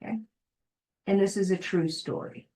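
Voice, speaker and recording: A woman's voice: mid-range voice, steady tone, moderate pace, mellow, low-quality recording. Encouraging woman coach on a video call. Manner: encouraging, addresses listeners by name. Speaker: life coach. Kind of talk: live coaching call, reading a book aloud.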